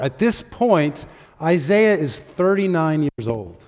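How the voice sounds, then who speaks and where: A man preaching a sermon as pastor, with earnest, conversational delivery, pauses and fillers, and a soft, prayerful tone in prayer. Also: fairly high pitch, very animated. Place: church sanctuary. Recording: long hall reverb.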